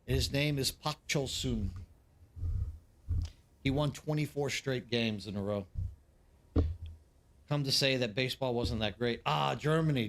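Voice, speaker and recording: A man's voice: mid-range voice, a bit bright. A man in his forties, a game streamer, rambling in casual live-stream chat and talking straight to his viewers.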